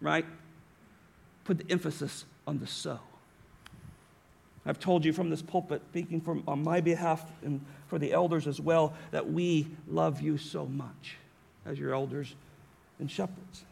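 A man's voice: on the high side, steady tone, measured pace, vocal fry, pauses often, darkish tone, husky. A middle-aged man pastor preaching a sermon in an earnest way, often correcting himself and restarting.

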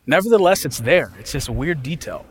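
A man's voice: a little high, expressive, a little fast. A man preaching a sermon as a pastor, talking in a conversational way and often checking in with his listeners.

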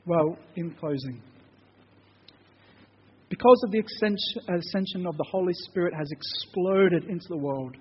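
A man with a high, slightly husky voice preaches with earnest, conversational warmth, moving from storytelling into prayer at a moderate pace with frequent pauses. His sermon mixes a personal story with prayer, and his voice rings with a long church-hall reverb. The audio sounds dull and muffled.

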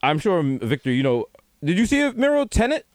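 A young man trading jokes as a podcast co-host, slipping into voices mid-riff. His pitch sits a touch high and swings a lot as he talks. The sound is close and dry. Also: no echo. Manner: animated, acts out voices in quick riffs. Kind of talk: casual comedic banter.

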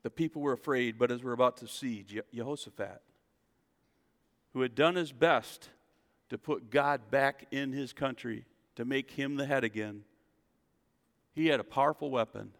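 A man preaching a sermon as a pastor, reading scripture and building to loud, emphatic calls to the congregation. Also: mid-range voice, normal speed, vocal fry, pauses often, in a large hall. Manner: preaching with rising, shouted emphasis and call-and-response asides.

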